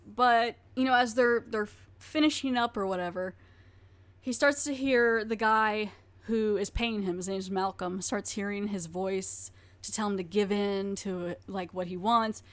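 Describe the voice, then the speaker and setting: A woman hosting a podcast, recapping a horror episode in an animated, chatty way, laughing and acting out the characters' lines. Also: medium pitch, measured pace. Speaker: podcast host.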